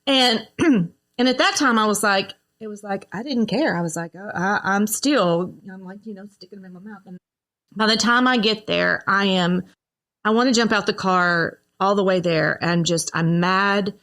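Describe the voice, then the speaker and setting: A woman talking as a podcast guest, telling her recovery story in an earnest, reflective, halting way and acting out her own past words. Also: mid-range voice, fairly bright tone. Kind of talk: personal recovery story in conversation.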